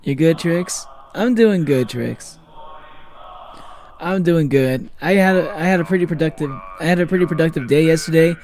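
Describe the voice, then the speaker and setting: A man's voice: fairly high pitch, normal speed, a little mellow. A young man chatting casually with his viewers while streaming a game, rambling with lots of fillers. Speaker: gaming streamer.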